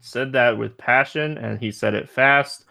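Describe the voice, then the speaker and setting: A man hosting a casual sports podcast, relaxed and playful, with frequent ums. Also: mid-range voice, a little slow, creaky. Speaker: podcast host.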